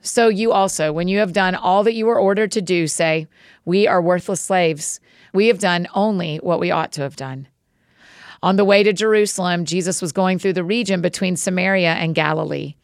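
A woman hosting a podcast, greeting listeners warmly and then reading scripture aloud at a steady pace. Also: fairly low pitch, moderate pace, clear, resonant tone, no echo, studio quality. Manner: friendly, encouraging intro then steady reading.

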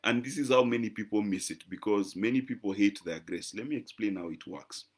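Man, croaky voice, preaching a sermon, conversational, emphatic, keeps asking "right?". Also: on the low side, a little fast. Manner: conversational and emphatic, frequent "right?" checks and repeated words. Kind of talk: teaching sermon to a live-stream audience.

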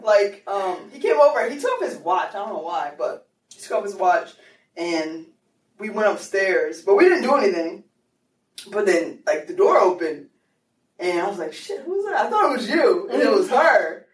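A woman's voice: mid-range voice, moderate pace. A young adult woman hosting a podcast, telling stories casually with lots of laughter and acted-out quotes. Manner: animated, laughing, acts out quotes. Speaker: podcast host. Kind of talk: casual storytelling chat. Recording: echoey room, distant mic.

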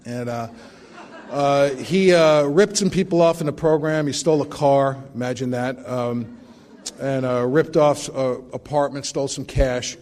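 A man's voice: medium pitch, fairly even intonation, moderate pace, a little mellow. A middle-aged man sharing his recovery story at a meeting, with wry, self-mocking humor.

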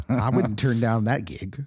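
A middle-aged man who co-hosts a podcast, talking casually while hoarse and husky from a recent illness, animated and laughing often. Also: medium pitch, dry recording. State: hoarse, getting over an illness. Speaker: podcast co-host, pastor.

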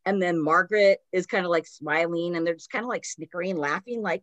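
Lower-voiced woman telling a story casually. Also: moderate pace, hardly any pauses, fairly bright tone, no echo. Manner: retells a story loosely, with many "like" fillers.

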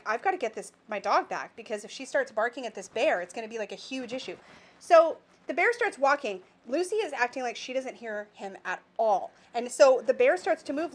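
A woman's voice: on the high side, lively intonation, brisk. A woman with a Canadian accent, co-hosting a casual podcast and telling a rambling story full of asides. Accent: Canadian English. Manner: chatty storyteller, many restarts and quoted asides. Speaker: podcast co-host. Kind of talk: casual chat.

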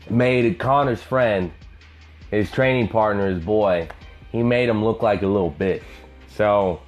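A man hosting a podcast, telling profane stories in a rambling, casual monologue. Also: lowish voice. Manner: profane, rambling storyteller, acts out voices. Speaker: podcast host.

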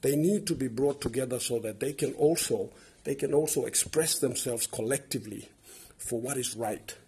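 Man, Papua New Guinean English accent, podcast host, passionate advocacy monologue, very husky voice. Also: medium pitch, moderate pace, darkish tone. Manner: impassioned, repeats words and builds lists.

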